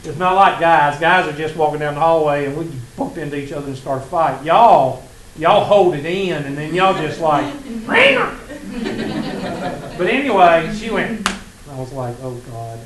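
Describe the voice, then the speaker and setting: A man with a Southern accent teaches a college math class, telling stories and joking folksily while teasing his students. His voice is on the high side at a moderate pace, recorded in an echoey classroom with faint ambience.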